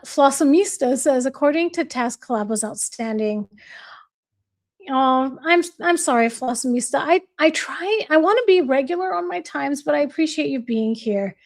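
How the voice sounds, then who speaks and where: Woman, high voice, livestream host, casual chat, bubbly, reads comments and greets viewers by name. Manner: laughs easily, bubbly.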